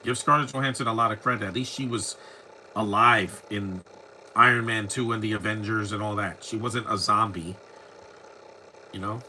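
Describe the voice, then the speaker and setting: Rambling, opinionated man with a bright voice. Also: lowish voice, fairly even intonation, normal speed, a little hiss or hum, low-quality recording. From United States. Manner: rambling, opinionated, many restarts. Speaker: movie commentary host. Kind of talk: casual live movie commentary.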